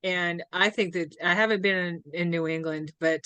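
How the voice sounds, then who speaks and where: A woman hosting an interview in a casual, enthusiastic way, answering with quick affirmations and frequent laughs. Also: lowish voice, fairly even intonation, pushed and bright, clear, resonant tone, no room sound. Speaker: host.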